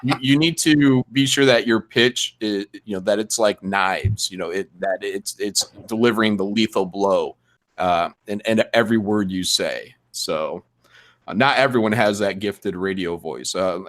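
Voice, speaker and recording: A man's voice: low-pitched, normal speed, a bit bright. Rambling self-deprecating man. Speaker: podcast panelist. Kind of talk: casual chat.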